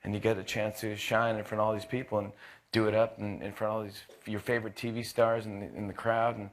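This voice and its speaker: A man in his thirties, a talk show host, telling a casual anecdote with lots of restarts, quick impressions and laughter. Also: fairly low pitch, little pitch movement, slight background noise.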